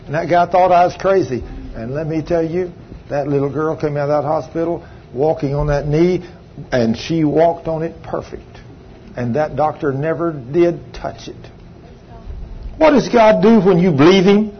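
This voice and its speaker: Older preacher telling a story. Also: male voice, fairly high pitch. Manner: storytelling with emphatic, drawn-out phrases. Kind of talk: sermon testimony. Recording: slightly dull sound, faint background hum.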